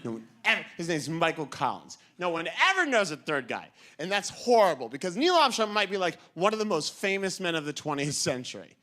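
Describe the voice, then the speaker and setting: A man's voice: on the high side, brisk, hardly any pauses. A young man doing a stand-up comedy routine on a club stage, telling stories and acting out characters. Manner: animated storytelling, acting out characters. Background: audience laughter.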